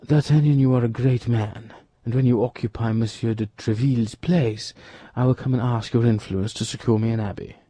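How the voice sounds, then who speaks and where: A man's voice: mid-range voice, steady tone, normal speed, warm tone, dry recording, close to an everyday voice. A man reading an audiobook, voicing a sly male musketeer with clerical ambitions and a dry, mocking manner.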